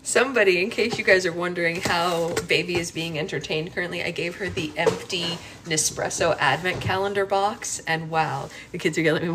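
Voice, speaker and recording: Woman, mom vlogger, thirties, animated, self-mocking, baby talk, noisy home recording. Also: on the low side, normal speed. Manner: animated and exclaiming, laughs at herself; sing-song baby talk to her infant. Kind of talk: casual vlog chat.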